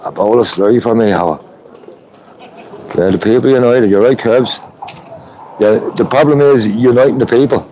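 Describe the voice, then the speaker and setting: A man's voice: medium pitch, normal speed, pauses often, warm tone, a little hiss or hum, poor audio. An Irish man livestreaming from a street protest outdoors, chatting casually and greeting viewers by name. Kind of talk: live street stream.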